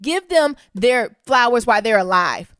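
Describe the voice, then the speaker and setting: A woman's voice: fairly high pitch, normal speed, dry recording, clean studio sound. A woman co-hosting a podcast in casual chat, telling stories animatedly and with plenty of cursing. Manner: animated, profane storytelling with acted-out quotes. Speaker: podcast co-host.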